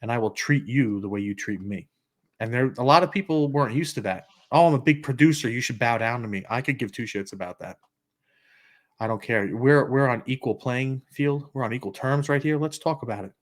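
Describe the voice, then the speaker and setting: Brief: middle-aged male podcast co-host, blunt and direct, mid-pitched voice. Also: fairly quick. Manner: blunt, storytelling with acted quotes. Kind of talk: casual podcast conversation.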